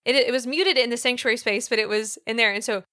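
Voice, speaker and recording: A podcast co-host, a woman, spins animated anecdotes in casual conversation, sprinkling in "um" and "like." Her slightly high voice moves at a quick pace and sounds bright and a little tense, while staying crisp and smooth.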